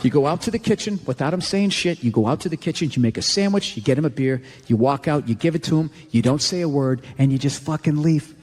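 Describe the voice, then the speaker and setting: A sarcastic American comedian ranting on stage, blunt and profane, with a high voice. There is a faint hiss behind him. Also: male voice, fast, hardly any pauses, a little mellow. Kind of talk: stand-up comedy.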